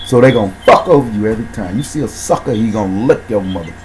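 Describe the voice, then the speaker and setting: A man hosting a casual talk show, speaking in slang and shouting out viewers by name. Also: fairly low pitch, expressive, quick pace, loud music behind the voice, low-quality recording. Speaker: host.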